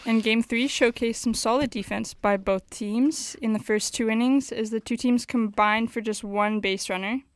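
A woman co-hosting a sports recap, relaxed and conversational. She drops in insider details with easy laughs. Her voice sounds close and dry. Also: fairly high pitch, moderate pace, few pauses, no room sound. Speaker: sports show co-host. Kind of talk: casual sports chat.

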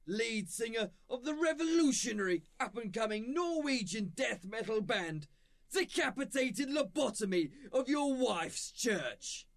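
A man's voice: high-pitched, vocal fry, full character voice. A man playing a bumbling, chirpy English host. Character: bumbling husband and metal show host. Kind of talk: sketch comedy acting.

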